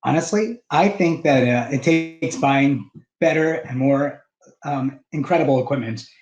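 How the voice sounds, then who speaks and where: A man with a fairly high voice talks chattily and enthusiastically as a guest, full of fillers. He co-owns an entertainment business. The room around him is echoey. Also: a little slow, a little mellow, lo-fi sound. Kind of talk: casual interview talk.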